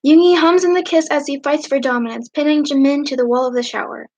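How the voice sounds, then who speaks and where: A woman hosting a livestream, casually reading fanfiction aloud. She breaks in with giggly, chatty asides and clears her throat now and then. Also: high-pitched, steady tone, quick pace, darkish tone. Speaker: livestream host. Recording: dull lo-fi stream audio.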